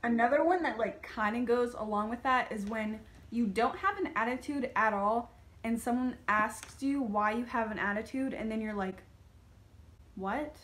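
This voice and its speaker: A young woman vlogging a casual rant, chatty and full of "like", slipping into animated quoted asides. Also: a little high, normal speed.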